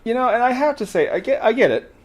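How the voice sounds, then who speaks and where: A man with a very high voice and a quick pace hosts a livestream, casually retelling a folk tale. He trades animated, exasperated banter with the chat as he goes.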